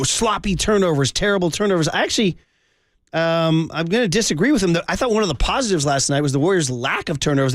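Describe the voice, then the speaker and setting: A man's voice: a little high, no room sound, clean studio sound. A man hosting a sports talk radio show, chatting casually and animatedly with his co-host and laughing often. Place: radio studio.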